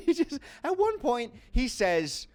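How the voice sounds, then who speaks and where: A man's voice: extremely high pitch, huge pitch swings, slow, darkish tone, faint music behind. A man hosting a video, giving jokey, sarcastic commentary. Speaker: video host. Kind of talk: comedic commentary.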